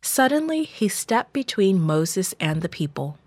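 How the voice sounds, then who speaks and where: A woman narrating a children's Bible story in a slow, measured, gentle scripted reading. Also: mid-range voice, big pitch swings, no echo, clean studio sound.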